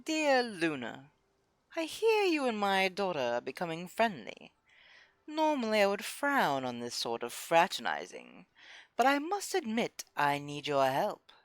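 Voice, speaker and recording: A woman's voice: mid-range voice, huge pitch swings, unhurried, dry recording. A woman voicing an ultra snobby, hoity-toity upper-class lady who reads out a prim, haughty letter.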